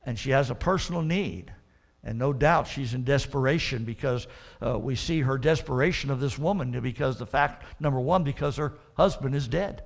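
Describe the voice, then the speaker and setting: A man pastor delivering an earnest sermon, often restarting with repeated words and swelling into loud emphatic warnings. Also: medium pitch, normal speed, vocal fry.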